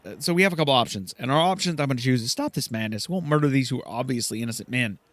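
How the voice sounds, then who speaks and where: Brief: young male gamer, lively, loose running commentary. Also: mid-range voice, very fast, dry recording. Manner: casual, thinking aloud, excitable. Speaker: let's play host. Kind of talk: gameplay commentary.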